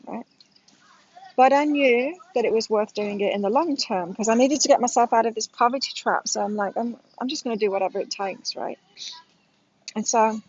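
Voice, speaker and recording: A woman's voice: medium pitch, muffled recording. A woman in her late forties telling a personal story to her viewers in a candid, casual way, often checking in with "right?", as an astrology reader. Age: 40s. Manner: candid, frank, addresses viewers directly with "right?".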